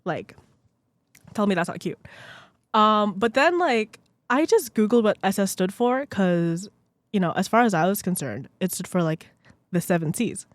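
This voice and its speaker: A young woman hosts her own podcast in loose, rambling chat, peppering everything with "like" and laughing at herself. Her voice sits at a middle pitch, close and dry on a podcast mic, though she sometimes turns away from it. Her pitch and loudness jump around as she gets excited. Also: moderate pace, dry recording. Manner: rambling, self-deprecating, heavy use of "like"; lively swings in pitch and loudness. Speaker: podcast host. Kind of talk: casual solo podcast chat. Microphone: podcast microphone, sometimes speaking away from it.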